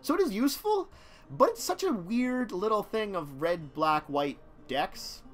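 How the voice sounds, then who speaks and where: A man's voice: high-pitched, sing-song, measured pace, soft background music. A man casually commenting on a live stream about a card-game deck, rambling and talking to his chat. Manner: rambling, chatty, talks to chat, chuckles.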